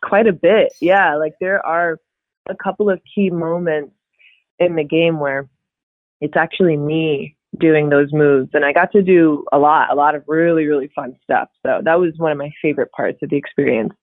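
A woman actor talking casually as an interview guest, expressive and often laughing, with quick restarts. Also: low-pitched, no echo. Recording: tinny phone-like dry line.

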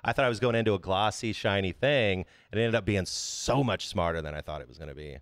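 A man's voice: deep voice, quick pace, no room sound, clean studio sound. A man co-hosting a casual film podcast, talking enthusiastically and swearing freely. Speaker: podcast co-host.

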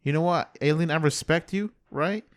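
A man's voice: fairly high pitch, normal speed. A man co-hosting a comedy podcast, firing off questions with mock offense. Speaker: podcast co-host. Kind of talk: casual comedy podcast chat.

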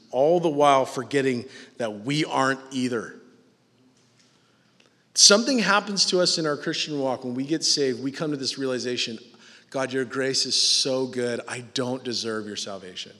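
Man, pastor, bright forceful tone, animated sermon with sarcastic asides, long reverb of a large hall. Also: fairly high pitch. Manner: animated, mocking asides, acts out quoted voices.

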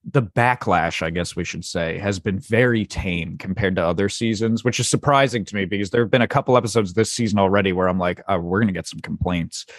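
A man's voice: fairly low pitch, fairly quick, few pauses, no echo, studio quality. A young man hosting a podcast, chatting casually with loose, profane, joking banter. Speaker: podcast host.

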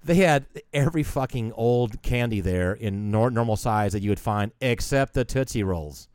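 A man's voice: medium pitch, lively intonation, normal speed, a little mellow, smooth, dry recording. A man co-hosting a podcast, telling a long rambling story and acting out the other people in it, with some swearing. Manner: rambling storyteller, swears, acts out quoted voices. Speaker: podcast co-host. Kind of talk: casual chat.

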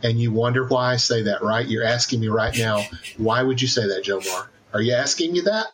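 A man's voice: medium pitch, a little fast, fairly bright tone, husky, rough recording. A man playing a tabletop role-playing game, acting out his character with teasing drama. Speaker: player.

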